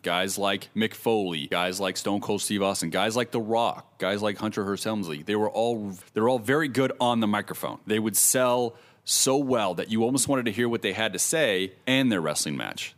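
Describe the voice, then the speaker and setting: A man with a fairly low voice walks through a wrestler's career piece by piece. He talks as an informed commentator, explaining each point. His delivery sounds like an interview. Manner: knowledgeable, explains step by step.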